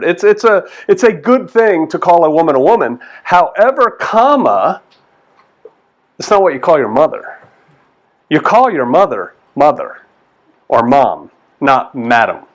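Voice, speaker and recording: A man preaching in a loose, folksy way, his voice sitting a little high for a man. He jumps into little voices for the people he quotes and then drops back to easy talk. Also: unhurried. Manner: folksy, animated, acts out quotes in changing voices. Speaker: pastor. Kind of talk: conversational sermon.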